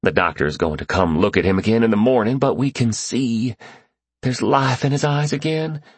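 A man's voice: expressive, moderate pace, husky, no room sound. A man voicing an overjoyed father leaving a phone message, his voice choked and exhilarated. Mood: excited. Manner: choked, exhilarated voice, high and strained.

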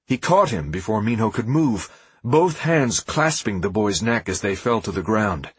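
A man reads an audiobook in expressive, dramatic scripted narration. His voice is husky and fairly low, with lively swings in pitch. The sound is close and dry, with no room around it. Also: normal speed, no echo.

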